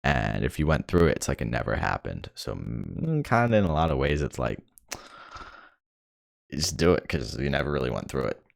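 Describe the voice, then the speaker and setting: A young man rants in a frustrated, rambling monologue, swearing freely. His voice sits extremely low with a gravelly fry. The sound is dry and close, with no room around it. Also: very animated, moderate pace, no room sound. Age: young adult. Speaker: vlogger. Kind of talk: ranting monologue.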